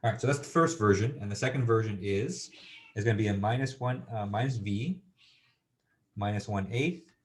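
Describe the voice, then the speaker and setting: A man's voice: fairly low pitch, normal speed. A man giving a university engineering lecture, thinking aloud with lots of fillers and checking in with students.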